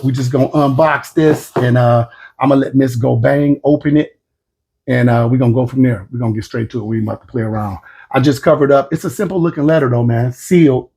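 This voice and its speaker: Fast-talking gravelly man in his fifties. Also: medium pitch. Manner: blunt, plain-spoken, relaxed slang. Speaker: vlog host. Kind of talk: unscripted casual talk to camera.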